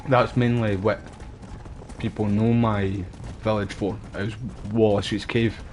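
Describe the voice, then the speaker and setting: Chatty Scottish man, low voice. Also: little pitch movement, slow pace, darkish tone, slight background noise. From Scotland. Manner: rambling, chatty, uses local slang. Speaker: streamer. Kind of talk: casual gameplay chat.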